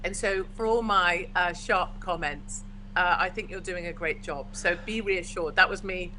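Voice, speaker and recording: A woman's voice: on the low side, normal speed, pushed and bright, a little hiss or hum, poor audio. A forthright, opinionated English woman from the UK, chatting as a guest in a casual video-call conversation. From United Kingdom.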